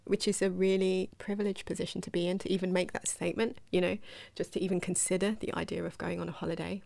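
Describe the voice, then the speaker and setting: A podcast host with a lowish, gravelly, somewhat dark female voice does a reflective solo show. She talks in a chatty, wandering way and puts questions to the listener.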